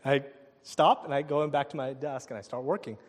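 A male pastor preaching a sermon, telling a personal story in an animated way and acting out the people in it. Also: mid-range voice, a little fast, big-room sound. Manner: animated storytelling with laughs and quoted voices.

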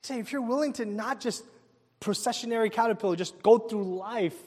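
A male pastor preaching a sermon, telling a personal story in an animated way and acting out the people in it. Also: very high-pitched, a little fast, husky, long reverb tail. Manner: animated storytelling with laughs and quoted voices.

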